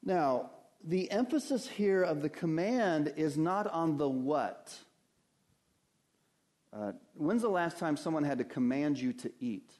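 A man with a voice pitched somewhat high preaches to his congregation during a church service. He is earnest, climbing on the phrases he stresses and letting his voice fall low and quiet as each thought closes. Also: expressive, takes it slowly. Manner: earnest preaching, rising on key phrases and dropping low on closing words. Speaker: pastor. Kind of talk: sermon.

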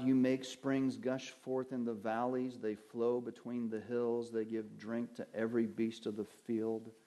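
A man preaching a sermon, reading Bible verses slowly and deliberately and putting questions to his listeners. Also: medium pitch, mellow. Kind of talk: sermon teaching from Scripture.

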